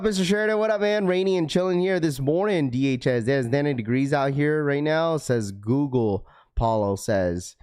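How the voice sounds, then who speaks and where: A man hosts a casual livestream in a laid-back way, using lots of fillers and greeting viewers by name. His voice is medium in pitch with a darkish yet clean tone.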